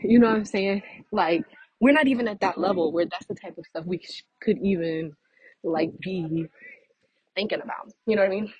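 In a rough recording, a young woman with a low-leaning, breathy-edged voice vents casually to camera as a vlogger. Chatty and exasperated, she laughs in asides and sounds a little out of breath from walking outdoors.

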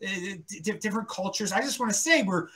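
A man's voice: high voice, fast. A man from Baltimore County with a Baltimore accent, talking as a podcast guest in opinionated casual chat, rambling and restarting his sentences. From Baltimore County, Maryland. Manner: rambling, animated, repeats words and restarts.

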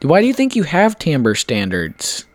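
A young man co-hosting a casual podcast chat, laid-back with slow, dry deadpan remarks. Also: on the high side, no echo. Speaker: podcast co-host.

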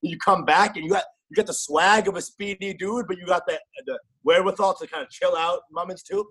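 A male comedian from Texas in casual chat, brash and profane, talking in fast bursts. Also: sits high, steady tone, a bit bright, slightly rough. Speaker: comedian, guest.

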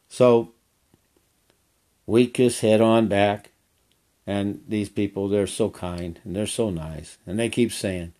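A man's voice: lowish voice, steady tone, slow pace, long pauses, dark tone. An older man who works as a horseback trail guide, telling a story in a folksy, rambling way and repeating phrases. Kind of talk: casual storytelling.

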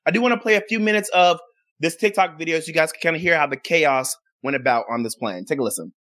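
A man's voice: fairly high pitch, animated, fast talker, fairly bright tone. A young man hosting his own show, talking casually about a news story and rambling with restarts. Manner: chatty, rambling, restarts sentences. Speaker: show host.

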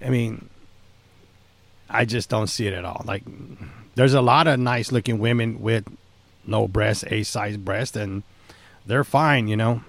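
A man's voice: fairly low pitch, a little slow, pauses often, a bit bright, no room sound. A man co-hosting a podcast in casual chat, rambling and laughing often. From San Antonio, Texas. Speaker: podcast co-host.

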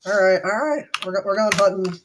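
A man's voice: high-pitched, lively intonation, fairly quick, background noise. A man from Hawaii narrating a computer game for friends in a casual online chat, wry and jokey, reading the game text aloud. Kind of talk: casual let's-play chat.

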